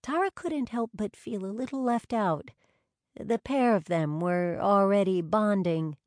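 Slow, dry-sounding woman narrator. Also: mid-range voice, a little mellow, dry recording. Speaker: audiobook narrator. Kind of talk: scripted narration.

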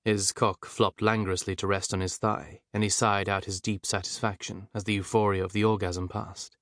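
A male narrator with a fairly low voice reads an audiobook in a measured, even way. The sound is dry and close-miked, with no room sound at all.

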